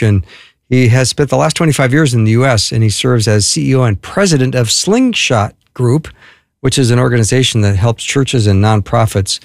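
A male show host who introduces his guest and asks questions, friendly and quick to laugh, with loose phrasing. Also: mid-range voice, creaky, dry recording, studio quality. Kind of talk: interview hosting.

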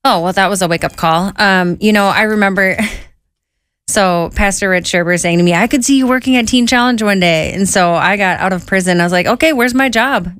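A woman's voice: medium pitch, fairly quick, a bit bright, clean tone, no echo, studio quality. A woman guest telling her personal testimony casually, acting out dialogue with quoted voices and using lots of "I was like" and "you know.".

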